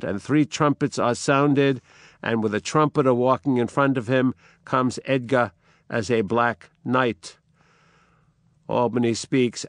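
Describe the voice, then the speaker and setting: Slow, dramatic older male lecturer. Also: medium pitch, fairly even intonation, no room sound, clean studio sound. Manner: slow, dramatic storytelling with acted quotes. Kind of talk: literature lecture.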